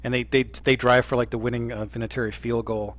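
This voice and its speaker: A man hosting a live sports chat show, animated and jokey, fond of mimicking lines. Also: mid-range voice, a little fast. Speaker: podcast host. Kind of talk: casual chat.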